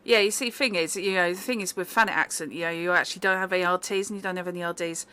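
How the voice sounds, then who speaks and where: A woman's voice: lowish voice, steady tone, racing, sharp tone, clear, resonant tone. A woman from England narrating and explaining as game master of a tabletop horror game, in chatty explanations.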